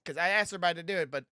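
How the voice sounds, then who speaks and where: A man's voice: high voice, pushed and bright, dry recording, studio quality. A young man hosting a casual podcast, rambling with lots of fillers and restarts. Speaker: podcast host.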